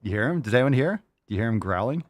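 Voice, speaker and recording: A man's voice: medium pitch, lively intonation, fast, dry recording. A man hosting a casual podcast, swearing freely and scolding his barking dogs between segments. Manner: profane, scolds barking dogs mid-show. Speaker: podcast host.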